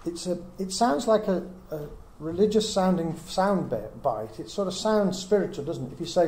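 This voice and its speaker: A middle-aged man teaches scripture with an earnest, reasoning manner, often putting rhetorical questions to his listeners. His voice sits a little high yet sounds mellow. The room is echoey, with a faint hiss behind him. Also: expressive, fairly quick, few pauses. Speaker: Bible teacher. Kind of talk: teaching talk to a small group.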